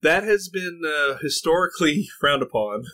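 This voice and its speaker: A male podcast co-host talking in a loose, casual way, prone to ranting and quick laughter. His voice is bright and lively, moving a lot in pitch, and sits a little high. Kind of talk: casual chat.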